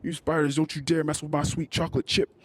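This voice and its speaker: A man putting on a goofy, mock-tough voice as a dad loudly threatening spiders under a bed. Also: little pitch movement, quick pace, close to an everyday voice. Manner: mock-tough, playful, high-pitched.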